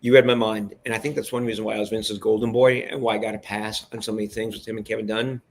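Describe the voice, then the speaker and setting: A man telling a long behind-the-scenes story as a guest in an interview, animated, often restarting and turning to the listeners. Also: on the low side, fast, slight background noise. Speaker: guest, television producer.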